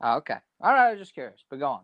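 A man's voice: fairly high pitch, big pitch swings, rapid-fire, no echo, dull audio. A man chatting casually, cracking crude jokes and calling people dude. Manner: wisecracking, calls people dude. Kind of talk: casual chat.

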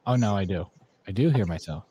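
A man's voice: low-pitched, expressive, fairly quick, warm tone, slightly rough, lo-fi sound. A man hosting a casual online talk show, chatting in a teasing, questioning way. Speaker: host.

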